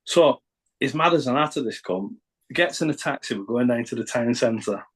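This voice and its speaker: A man's voice: medium pitch, expressive, normal speed, slightly rough, rough recording. A middle-aged man with a Northern English accent telling a rambling, sweary story as a podcast guest. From Northern England. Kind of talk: casual anecdote telling.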